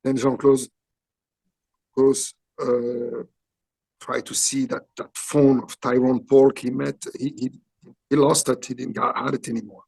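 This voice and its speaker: A man in his sixties from Belgium, speaking English with a French accent, animatedly telling a story in halting English and acting out what people said. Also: mid-range voice, little pitch movement, gravelly, a little mellow, husky. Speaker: interview guest, actor. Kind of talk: storytelling interview.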